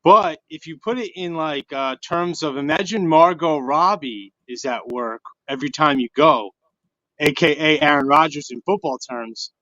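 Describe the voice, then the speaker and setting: Rambling caller on lo-fi audio. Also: male voice, a little high, moderate pace, fairly bright tone, no room sound. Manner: rambling, loose and chatty. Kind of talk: casual call-in chat. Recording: dull lo-fi online stream audio.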